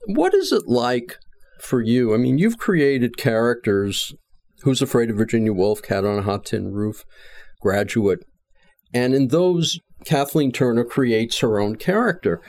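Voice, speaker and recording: A man interviewing a stage actor, asking measured, curious questions. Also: medium pitch, expressive, darkish tone.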